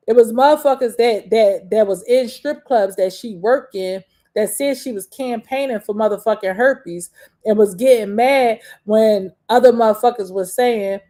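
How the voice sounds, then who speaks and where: Profane, combative woman ranting, mellow voice. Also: on the high side, moderate pace. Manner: profane, combative, rambling with many restarts. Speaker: podcast host. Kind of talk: casual rant monologue.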